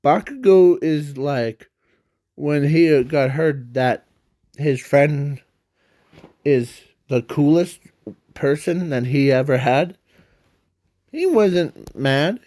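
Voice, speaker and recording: A man's voice: on the high side, animated, slow, pauses often, warm tone, dry recording, studio quality. A man telling an unscripted fan story in a rambling, hesitant way, full of fillers and self-corrections.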